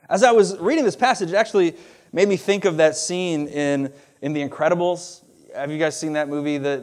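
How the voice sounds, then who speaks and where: Young adult male preacher, higher voice, chatty and animated in the pulpit. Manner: conversational and animated, with laughs and asides. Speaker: pastor. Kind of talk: sermon.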